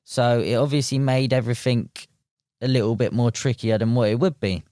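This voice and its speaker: A young man with a London accent, telling a fishing story as a podcast guest in a relaxed, slangy way, full of "mate" and "like". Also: mid-range voice, a little fast, no room sound, studio quality. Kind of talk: casual storytelling.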